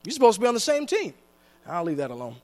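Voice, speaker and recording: Man, high voice, sermon, conversational and joking, slow emphatic scripture reading, long church reverb. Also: wildly swooping pitch. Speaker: preacher.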